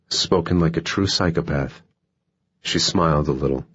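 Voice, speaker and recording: A man narrating a thriller audiobook in a measured, even way. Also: very deep voice, breathy edge, muffled recording. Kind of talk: scripted narration.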